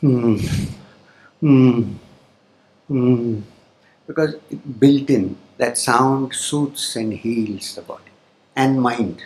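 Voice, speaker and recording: Speaking in a medium-pitched voice, a male spiritual teacher addresses a live hall audience. His discourse moves slowly, with frequent pauses and chanted Sanskrit terms.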